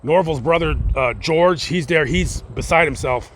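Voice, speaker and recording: A man's voice: on the high side, a little slow, fairly bright tone, a little hiss or hum. A man casually telling a true-crime story, rambling with slang, fillers and joking asides. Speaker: host.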